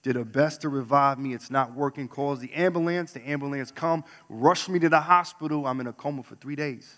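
A man from New York telling a candid personal story on stage, swinging between loud outbursts and hushed asides. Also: mid-range voice, a little fast. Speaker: speaker. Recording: long hall reverb.

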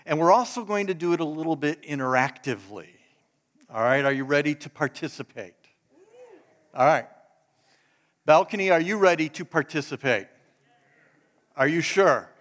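Joking pastor leading an interactive sermon. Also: male voice, a little high, expressive, moderate pace, pauses often, fairly bright tone. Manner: casual, joking, addresses the congregation directly. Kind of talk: sermon with audience participation.

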